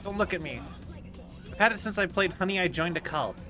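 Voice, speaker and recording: A male streamer talks casually over his game, rambling through jokes and asides to chat. His voice sits high and bright, and faint music plays underneath. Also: expressive, fairly quick. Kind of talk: casual gameplay commentary.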